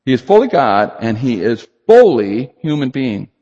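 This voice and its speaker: A man preaching a sermon to a congregation, emphatic and animated, rising high for emphasis and dropping low and quiet. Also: normal speed. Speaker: pastor. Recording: lo-fi recording in a reverberant hall.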